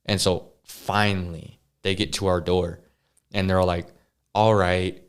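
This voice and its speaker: A man as a podcast guest, earnestly telling a personal story with halting restarts and sighs. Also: low-pitched, little pitch movement, smooth. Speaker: interview guest.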